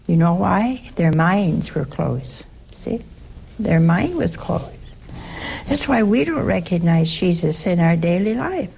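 A woman's voice: fairly low pitch, expressive, slow, creaky, darkish tone, slight background noise. A woman giving a conversational sermon as a Bible teacher, teasing her listeners with rhetorical questions.

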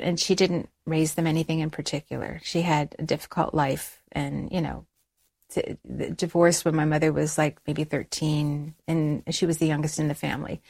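Woman telling a personal story in an interview. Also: low voice. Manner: animated storytelling, acts out quoted dialogue in a raised voice. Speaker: interview guest. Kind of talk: personal conversion story in conversation.

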